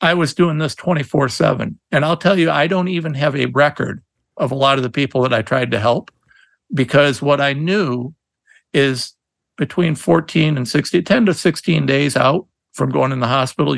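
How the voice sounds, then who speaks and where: Gravelly, earnest man telling a story. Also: medium pitch, steady tone, dry recording. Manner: earnest, emphatic, fast bursts with many restarts. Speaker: attorney, podcast guest. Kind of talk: conversational interview storytelling.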